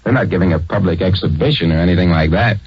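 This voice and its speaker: A man's voice: low voice, fast, breathy edge. A man narrating a 1940s radio program in a conversational, explanatory way, on a dull old recording.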